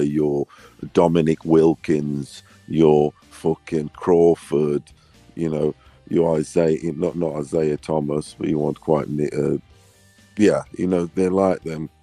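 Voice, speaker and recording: A man with a very low, gravelly voice talks loosely on a casual panel. His tone is dark and mellow, and the sound is dry and close with faint music underneath. He rambles through restarts. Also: flat delivery, takes it slowly, dry recording. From not English, lives in England. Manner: rambling, restarts, asks "do you get me?". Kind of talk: casual podcast chat.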